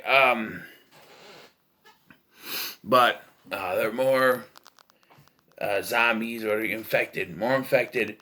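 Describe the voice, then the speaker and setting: Lively, bright-voiced man reviewing a movie. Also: medium pitch. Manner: rambling, opinionated, with frequent fillers and restarts. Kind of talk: casual film review.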